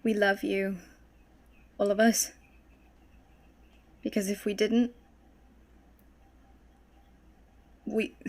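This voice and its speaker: A woman voicing a shaken young woman adventurer, speaking softly and haltingly with a husky voice. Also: medium pitch. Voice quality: husky, gravelly. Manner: gentle, halting, soft-spoken.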